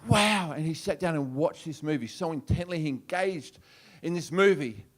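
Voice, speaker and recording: Brash Australian man, high voice. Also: expressive, normal speed. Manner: brash, swearing, punchy delivery. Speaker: stand-up comedian. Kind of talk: stand-up routine. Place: comedy club stage.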